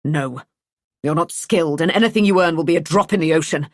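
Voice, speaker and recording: A woman reading an audiobook, voicing a sharp, controlling husband who speaks curtly and with sarcasm. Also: sits low, fairly quick, no room sound, studio quality, lightly acted. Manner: curt, sarcastic, snapping.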